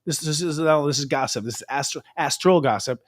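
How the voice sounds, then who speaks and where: Fast-talking rambling man in casual chat. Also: on the high side. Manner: rambling, excitable, many fillers and restarts. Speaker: astrologer host.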